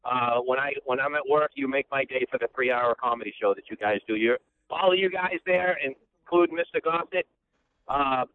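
A man's voice: medium pitch, a little hiss or hum. Outraged male caller on a tinny phone line. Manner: outraged, repetitive, halting.

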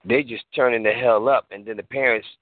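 A man's voice: medium pitch, fairly quick, no echo. A man in casual radio talk, speaking with energy and acting out the voices of parents as he goes. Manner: animated, acts out voices of parents. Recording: tinny phone line.

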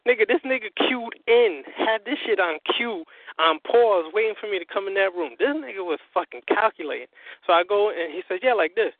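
A man, a guest on a call-in interview, telling his story in an animated, profane way and acting out what others said. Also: high-pitched, a little fast, no room sound. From US Northeast. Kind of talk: casual phone interview. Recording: tinny phone line.

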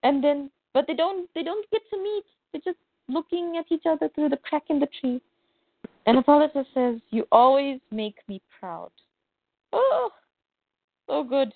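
A woman's voice: high-pitched, moderate pace, no room sound. A woman co-hosting a podcast, animatedly retelling a comic's plot and reading the characters' lines aloud. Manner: animated retelling with quoted voices. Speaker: podcast co-host. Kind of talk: casual comic recap, reading dialogue aloud. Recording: tinny phone-like dry audio.

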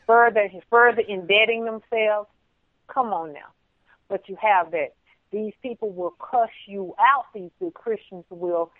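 A woman speaking on a discussion show, emphatic and preachy, often dropping to a softer voice. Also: mid-range voice, no room sound. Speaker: guest. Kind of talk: casual discussion. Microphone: phone call. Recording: tinny phone line.

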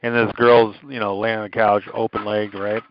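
A man's voice: on the low side, little pitch movement, moderate pace, dry recording, dull audio. A man in casual, crude podcast chat, telling rambling anecdotes full of profanity and quoted lines.

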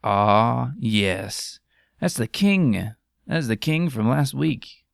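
Man, podcast host, very gravelly voice, dry close sound, rambling crude jokes. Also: medium pitch, animated, extremely slow, dry recording. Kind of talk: casual chat.

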